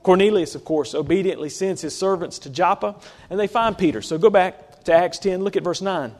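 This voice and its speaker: A man's voice: high-pitched, brisk, darkish tone. A male preacher giving a conversational sermon to his congregation, often stopping to ask them rhetorical questions. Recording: long reverb of a large hall.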